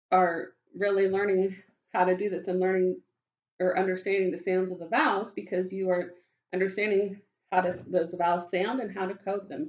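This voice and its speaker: A woman teaching a phonics lesson to young children, speaking slowly and warmly, praising them often and sounding out words. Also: on the low side, muffled recording. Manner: slow, encouraging, praising often. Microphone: webcam.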